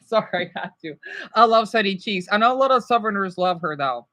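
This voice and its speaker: A woman's voice: medium pitch, animated, fairly quick, pushed and bright. A woman streaming live and chatting casually with her viewers.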